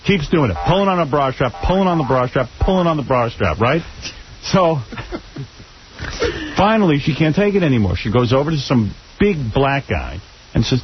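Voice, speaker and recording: Male radio host, joking, prodding questions, lively pitch, dull lo-fi sound with faint hiss. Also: normal speed. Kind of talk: casual radio talk.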